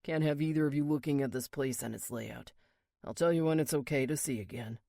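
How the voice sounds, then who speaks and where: A man voicing a rough, blunt male biker who swears and growls his words, in an audiobook. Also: fairly quick, warm tone, dry recording, studio quality. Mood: gruff. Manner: crude, swearing, low growl. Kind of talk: audiobook character reading.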